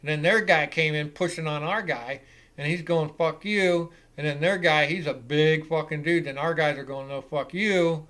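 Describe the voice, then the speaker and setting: Excitable, foul-mouthed man reacting live. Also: on the high side, moderate pace. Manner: excitable and profane, swears freely. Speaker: live reaction show host. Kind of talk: live play-by-play reaction commentary.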